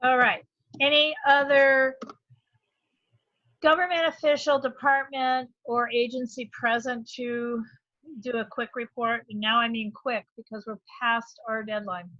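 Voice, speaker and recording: Bright-voiced woman chairing a meeting. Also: a little high, flat delivery, a little slow, no room sound. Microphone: video call. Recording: dull, dry video call audio.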